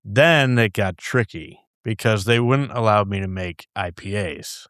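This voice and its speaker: A man's voice: fairly low pitch, measured pace, a bit bright, no room sound. A man in a podcast studio, guest telling casual, rambling stories, swearing freely and acting out other people's lines. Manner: rambling, laughs often, swears, acts out his boss's lines. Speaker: guest brewer. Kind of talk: casual storytelling chat. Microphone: studio microphone.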